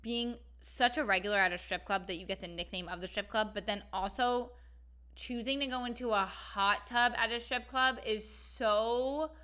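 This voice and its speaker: A young woman co-hosting a podcast in casual chat, animated and full of "like" fillers, cursing freely. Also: a little high, moderate pace, clean tone. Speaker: podcast co-host.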